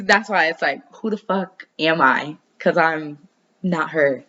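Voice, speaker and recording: Slow yet bright and forceful, a woman's low voice carries this casual, rambling chat in which she curses freely while discussing her dreams and astrology. She's an astrology vlogger, and the recording has its highs cut off.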